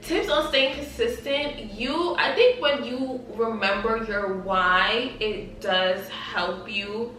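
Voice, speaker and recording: A woman's voice: on the high side, takes it slowly, hardly any pauses, a little hiss or hum. A young woman chatting casually to camera in a Q&A vlog, laughing often and using many fillers. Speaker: vlogger. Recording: echoey room, somewhat far from mic, soft music behind.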